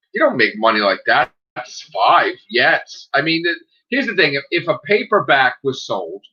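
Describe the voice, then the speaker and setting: A man's voice: mid-range voice, slightly rough. Guy on a stream telling a story, cursing a lot, voice jumping all over, kinda muffled audio. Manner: animated storyteller, swearing, acting out dialogue. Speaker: self-published author. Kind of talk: casual livestream chat.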